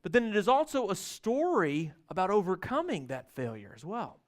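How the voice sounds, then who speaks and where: A man preaching a sermon in a church, reading scripture aloud with casual asides and swinging between loud emphasis and soft remarks. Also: sits high, very animated, moderate pace. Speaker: pastor. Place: church sanctuary.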